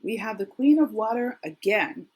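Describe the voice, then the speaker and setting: A middle-aged woman with a worn, husky voice gives a casual tarot reading, chatty and thinking aloud with frequent restarts. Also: medium pitch, animated, moderate pace, darkish tone. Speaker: tarot reader.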